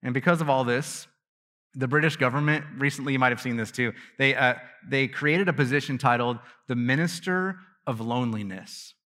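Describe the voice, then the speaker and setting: Bright-voiced pastor preaching in a large reverberant hall. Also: male voice, medium pitch, normal speed. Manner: conversational, self-deprecating, frequent restarts and laughs. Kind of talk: sermon.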